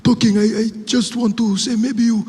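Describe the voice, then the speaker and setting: Man putting on a high, faltering, apologetic passenger, live stage with long echo. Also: level tone, a little mellow. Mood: nervous. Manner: halting, hesitant, full of uhs. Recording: live theater with long reverb.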